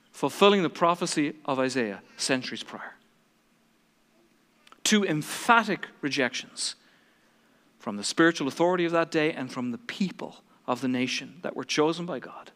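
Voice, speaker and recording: A man's voice: a little high, animated, moderate pace, a bit bright, in a large hall. A man preaching a sermon in a dramatic, emphatic way, acting out the quotes he reads.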